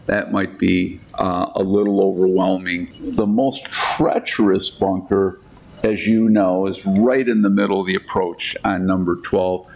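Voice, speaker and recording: A man, a golf course architect, telling lively anecdotes in casual chat, acting out the people he quotes. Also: low voice, measured pace, creaky. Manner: animated anecdotes with quoted voices, frequent restarts.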